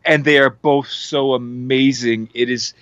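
A man's voice: mid-range voice, steady tone, unhurried, a bit bright, no room sound, lo-fi sound. A man on a casual podcast, rambling enthusiastically about a TV series with lots of fillers and restarts. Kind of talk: casual show recommendation.

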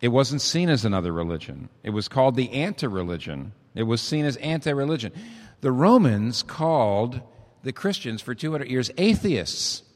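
A man's voice: mid-range voice, very animated, moderate pace. A man preaching a sermon as pastor, with an emphatic, rising and falling preaching cadence. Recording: echoey hall reverb.

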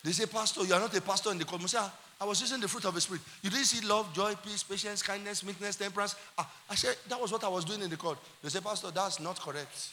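A male pastor with a Nigerian accent delivers an animated sermon, dropping into quiet asides and rising to shouted climaxes. His voice sits high and sounds bright and sharp. A long reverb from the church hall trails every phrase. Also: quick pace, few pauses, slight background noise.

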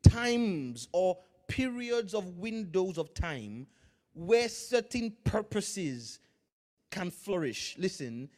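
A man preaching a sermon, swinging from loud, drawn-out lines to hushed asides, with Pidgin phrases mixed in. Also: high-pitched. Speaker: pastor.

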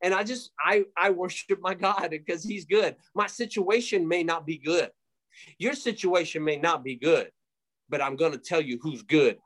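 A man's voice: on the high side, normal speed, fairly bright tone. A man giving a fervent preaching testimony as a guest, emphatic and repetitive, with frequent fillers.

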